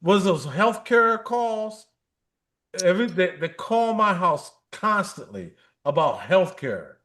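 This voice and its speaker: A man with a high voice chats casually on a livestream. He tells jokey stories, mimics callers and laughs often. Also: sing-song, slow pace, a bit bright. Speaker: livestream co-host. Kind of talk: casual chat.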